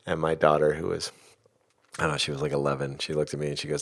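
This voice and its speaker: A middle-aged man in a podcast conversation, explaining ideas in a thoughtful, rambling way with soft laughs. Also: extremely low pitch, fairly even intonation, fast, vocal fry. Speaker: podcast host and guest expert.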